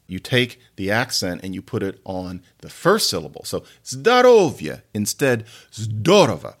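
A man hosting a podcast, who explains word origins in a chatty, playful way with many digressions. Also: on the low side. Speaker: podcast host, linguist. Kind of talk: casual explanatory podcast talk.

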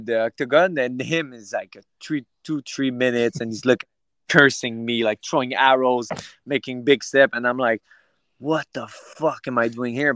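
Animated, profane man telling fight stories. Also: mid-range voice, clean tone, dry recording. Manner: animated, profane, rambling with restarts. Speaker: guest fighter. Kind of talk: casual interview storytelling.

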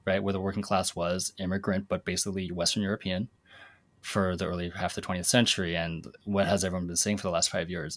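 A man's voice: deep voice, little pitch movement, fairly quick, a bit bright, no echo. A man from Washington state co-hosting a casual discussion, talking loosely with many fillers and restarts. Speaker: podcast co-host.

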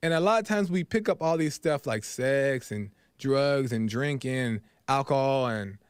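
A man's voice: mid-range voice, expressive, measured pace, clear, resonant tone, no room sound, clean studio sound. A man hosting a podcast, earnestly retelling a parable and reflecting on it, often tagging lines with "right?" and repeating himself. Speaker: podcast host. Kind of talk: storytelling reflection.

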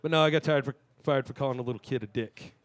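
A man in his thirties hosting a live talk show, delivering a crude, self-mocking comic monologue with sudden shouted rants. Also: mid-range voice, fast talker, no room sound. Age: 30s. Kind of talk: stand-up style monologue. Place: live venue stage.

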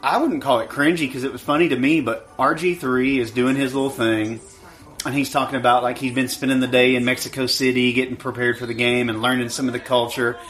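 A man's voice: medium pitch, steady tone, fairly bright tone, soft background music, rough recording. A man co-hosting a casual sports podcast, retelling clips and teasing his friend with laughs. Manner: laughs and teases, quick retellings. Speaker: podcast co-host. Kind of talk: casual chat. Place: home studio, watching a game.

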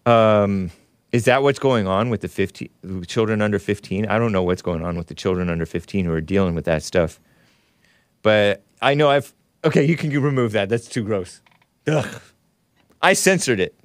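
Animated male live-stream host, dry close mic. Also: fairly low pitch, moderate pace, no room sound. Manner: animated, laughing, sighing, groaning in disgust. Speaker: show host reading super chats. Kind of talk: casual live-stream talk.

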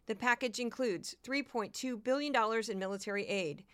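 Brief: a talkative woman podcast host, somewhat high voice, bright tone. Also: smooth. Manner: chatty, quick asides, repeated words. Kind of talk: casual commentary podcast.

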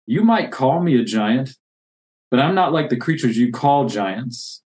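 Man reading a huge wise lion from a storybook, slow, hushed, solemn. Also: medium pitch, animated, natural voice. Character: huge wise male lion speaking gently from darkness.

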